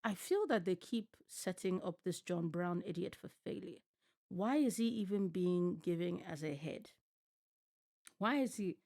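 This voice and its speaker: At home at night, a woman streamer rants and swears at a TV show she's reacting to, animated and casual. Her voice sits on the low side with vocal fry.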